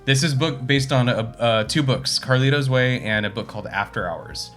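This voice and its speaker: A man's voice: mid-range voice, normal speed, a bit bright, faint music behind. A man co-hosting a casual movie discussion, rambling and swearing freely as he recounts scenes. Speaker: podcast co-host.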